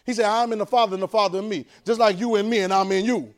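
A man preaching a sermon, urging the congregation to repeat lines after him and swinging between quiet, drawn-out talk and loud bursts. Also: high-pitched, steady tone.

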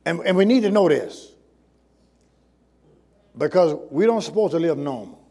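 A man preaching a sermon with emphasis, swinging from loud calls to low, quick asides. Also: animated, breathy edge. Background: congregation.

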